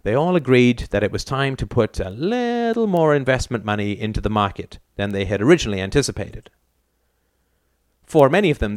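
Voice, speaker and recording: A man's voice: medium pitch, no room sound. A man narrating a novel in a wry, dry storytelling manner. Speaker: audiobook narrator.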